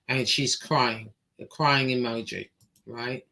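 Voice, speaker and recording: Female streamer host, slow and halting, reads posts aloud. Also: sits low, a bit bright, a little hiss or hum. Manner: halting, many fillers and pauses. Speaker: show host. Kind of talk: livestream interview.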